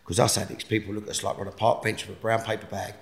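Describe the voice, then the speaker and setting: A man speaking as a podcast guest, earnest and forceful as he talks about helping others. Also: lowish voice, flat delivery, very fast, creaky. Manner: earnest, forceful motivational talk. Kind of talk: casual interview chat. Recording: roomy echo.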